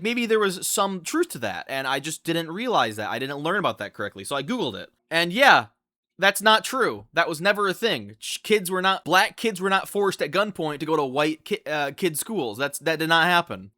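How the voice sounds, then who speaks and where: A young man telling a storytime vlog in an animated, incredulous way, often restarting his sentences. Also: a little high, dry recording, clean studio sound. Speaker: vlogger.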